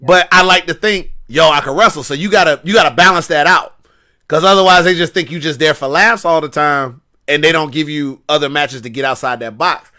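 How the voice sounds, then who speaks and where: Man, slangy podcast storyteller, bright and a bit high, lively retelling. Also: a little fast. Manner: animated, slangy, repeats himself. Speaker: podcast guest wrestler.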